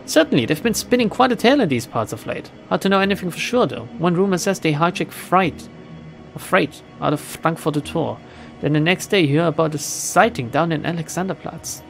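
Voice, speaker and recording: A streamer voicing a friendly street informant who swaps rumors in a warm, confiding tone. The delivery rises and falls in a lively way, with faint game music underneath. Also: mid-range voice, fairly quick, vocal fry. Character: friendly nondescript middle-aged male information dealer. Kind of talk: reading game dialogue aloud.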